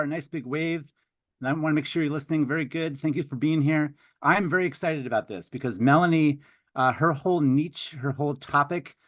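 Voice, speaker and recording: A man's voice: mid-range voice, no room sound. Fifties guy hosting a webinar, playful and showy, dry sound. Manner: theatrical, upbeat and playful. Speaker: webinar host. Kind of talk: live webinar introduction.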